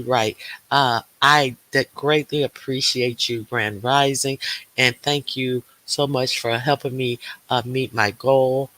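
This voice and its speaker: Man, livestream host, casual chat, slow pace, bright edgy voice, many ums and uhs. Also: mid-range voice, no echo. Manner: greets viewers by name, chatty with many fillers.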